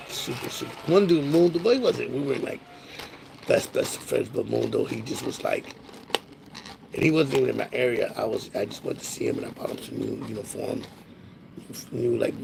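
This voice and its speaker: A man's voice: medium pitch, normal speed, creaky, background noise. A man chatting with a livestream host, telling loose, profane stories with laughter. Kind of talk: casual storytelling chat.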